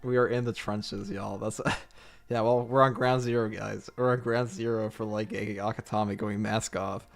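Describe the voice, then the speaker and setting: A man's voice: on the low side, fairly even intonation, moderate pace, creaky, soft background music. A young man streaming his reactions, swearing often, laughing in disbelief and stumbling through slangy restarts.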